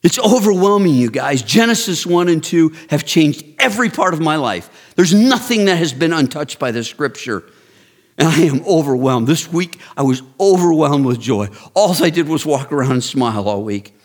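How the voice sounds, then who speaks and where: A man in his sixties giving an earnest, direct ministry talk, building to excited, emphatic storytelling. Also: a little high, normal speed. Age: 60s. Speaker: men's ministry leader. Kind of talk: personal testimony talk.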